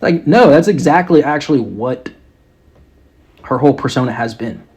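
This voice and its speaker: A young man at a middle pitch rants on his own podcast, swearing constantly and sounding exasperated. His tone is mocking and scornful throughout. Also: lively intonation, normal speed, a little mellow. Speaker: podcast host. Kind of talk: casual rant.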